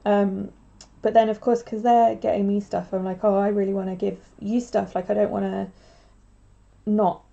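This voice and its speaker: A young woman chats loosely while crafting on a livestream, wandering from thought to thought with plenty of filler words. Her voice sits mid-range and sounds mellow and warm. The recording is dull and lo-fi. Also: medium pitch, flat delivery, normal speed, vocal fry. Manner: rambling, chatty, full of filler words.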